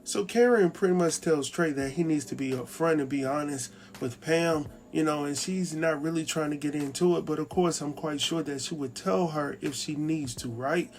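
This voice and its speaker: A man's voice: fairly high pitch, moderate pace, few pauses, soft background music. Chatty man recapping a TV episode. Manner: chatty, animated, acts out characters' lines. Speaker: TV recap host. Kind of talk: casual recap commentary.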